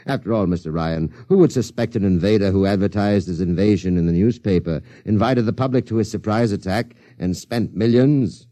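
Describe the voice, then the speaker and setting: An actor playing a scheming Martian invader who mocks his captive in a smooth, unhurried way, in an old radio drama. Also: lowish voice, dark tone, lightly acted. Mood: menacing. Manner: smooth, mocking, unhurried menace. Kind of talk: 1950s radio drama acting.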